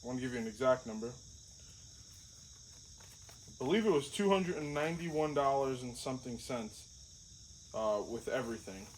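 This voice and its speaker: A man's voice: mid-range voice, animated, a little slow, pauses often, slight background noise, poor audio. A man casually vlogging outdoors beside his tractor. He talks in a rambling, chatty, self-deprecating way. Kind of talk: casual show-and-tell vlog.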